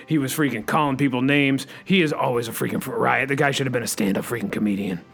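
A man playing an overexcited talk-radio host who says "freaking" constantly and leaps up in pitch. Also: fast, gravelly, a bit bright, husky, soft background music. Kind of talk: comedy radio-show sketch.

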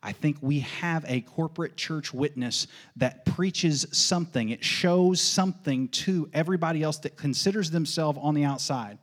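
A man preaching a sermon as pastor, emphatic and folksy, repeating questions and answers in a steady call-and-response rhythm. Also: on the high side, normal speed, few pauses. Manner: folksy asides with light laughs.

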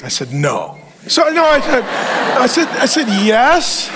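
A middle-aged man preaching a humorous sermon, animated and joking, acting out quotes from scripture and his own marriage. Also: very high-pitched, moderate pace, noisy background. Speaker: pastor.

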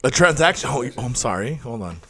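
A man's voice: medium pitch, sing-song, fast, crowd noise. A man hosting a casual podcast, playful and laughing, defending himself in mock protest. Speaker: podcast host.

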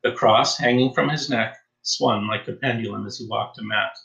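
Male audiobook narrator, steady, mid-pitched, roomy echo. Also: normal speed, vocal fry. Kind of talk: scripted narration.

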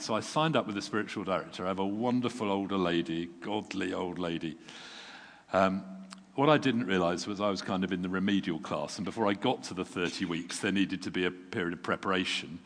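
A man preaching a sermon in a relaxed, conversational way, self-deprecating and chuckling now and then, sounding tired. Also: deep voice. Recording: long reverb from a large hall.

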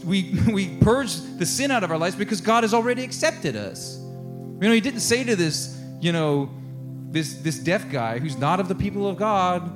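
Lively casual male preacher. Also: high-pitched. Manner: casual, conversational preaching with acted-out quotes and laughs. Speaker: pastor. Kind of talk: sermon.

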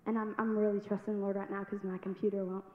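A young woman giving a personal testimony in church, telling her story earnestly and building to loud exhortation. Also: medium pitch, level tone, fast talker. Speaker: youth speaker giving testimony. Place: large church sanctuary. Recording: echoey hall, dull sound, faint noise.

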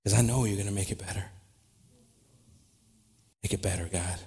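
A man preaching a sermon, dropping to quiet, conversational asides and then rising to loud, emphatic shouts, with laughter along the way. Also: sits low, moderate pace, breathy edge. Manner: animated, with laughter and restarts. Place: church.

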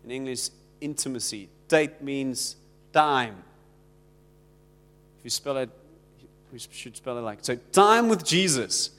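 A man's voice: mid-range voice, animated, slow pace, pauses often, fairly bright tone, in a large hall. A South African man preaching a sermon in a conversational way, acting out the little exchanges he quotes. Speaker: pastor.

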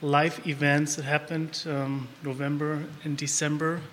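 A man with a German accent chats as a guest, telling his news in halting bits with many restarts. His voice is bright and a little high. The sound carries a long hall reverb. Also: level tone, slight background noise. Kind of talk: casual chat.

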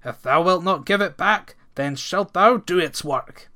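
A man's voice: fairly high pitch, expressive, moderate pace, pushed and bright. A man voicing a big, fearless young farmhand who speaks bluntly in old-fashioned thee and thou speech. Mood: fierce.

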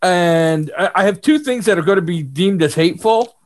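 High-pitched guy cracking jokes on a racing podcast, keeps restarting sentences. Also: normal speed. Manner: joking, teasing, stammering restarts. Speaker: co-host. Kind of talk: casual podcast chat.

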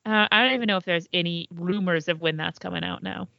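A woman's voice: lowish voice, steady tone, quick pace, gravelly, no echo, lo-fi sound. A woman co-hosting a podcast in casual chat, swearing freely and trailing off mid-thought. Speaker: podcast co-host.

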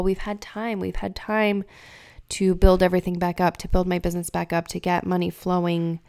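A woman's voice: lowish voice, a little mellow. A woman in her thirties hosting a podcast, talking candidly and emotionally, often searching for words. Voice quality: gravelly fry. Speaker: podcast host. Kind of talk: casual personal monologue.

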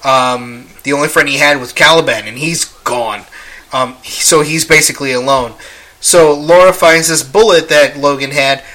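Young man, very bright voice, slightly high, casual film review, profane, rambling. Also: moderate pace. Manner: profane, rambling with many fillers. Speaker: movie reviewer.

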